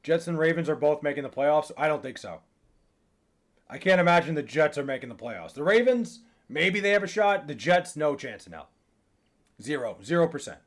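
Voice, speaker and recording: A man's voice: a little high, very animated, normal speed. A young man chatting on a live stream, frustrated and profane, answering viewer comments and often restarting his sentences. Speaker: livestreamer. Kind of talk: casual live chat reacting to comments.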